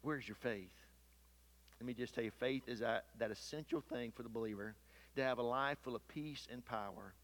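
A man preaching a sermon, swinging between loud emphatic peaks and hushed low asides, and reading scripture aloud. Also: normal speed. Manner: reads scripture aloud in King James wording.

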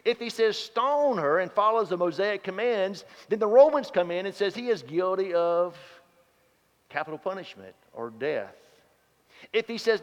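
Man preaching, storytelling, higher voice, long hall reverb, dull lo-fi sound. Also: animated, normal speed. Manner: storytelling, swings from loud to hushed. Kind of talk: sermon.

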